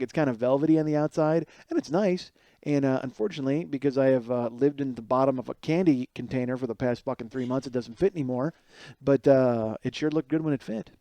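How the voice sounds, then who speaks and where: With a dark, mid-range voice and no room sound at all, a man in his forties runs a comedy podcast from a friend's kitchen late at night. He rambles and curses through a casual monologue, frequently imitating others in mocking voices.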